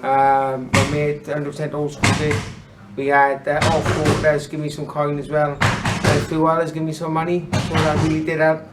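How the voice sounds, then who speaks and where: A man in his thirties, a boxer chatting casually as an interview guest, blunt and sweary and quick to laugh. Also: a little high, completely flat delivery, over loud music, poor audio. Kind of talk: casual chat.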